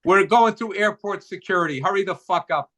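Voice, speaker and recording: A man co-hosting a comedy podcast, telling stories in a loud, profane, animated way. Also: sits high, fairly quick. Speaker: podcast co-host. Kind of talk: casual comedic chat.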